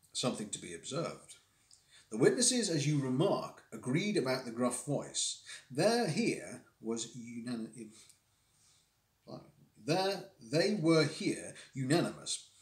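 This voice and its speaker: A man reading as a cool, lecturing gentleman detective. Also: mid-range voice, sing-song. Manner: measured, lecturing, reasoning aloud. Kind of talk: reading a classic story aloud on a livestream. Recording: roomy echo.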